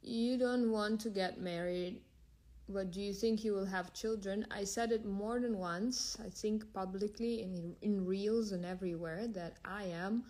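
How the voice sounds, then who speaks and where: A woman's voice: medium pitch, fairly even intonation, measured pace, mellow. Chatty woman on a phone livestream. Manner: chatty, reads out viewer questions and answers them frankly; drifts between several languages mid-stream. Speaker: livestream host answering viewer comments. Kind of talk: casual livestream chat.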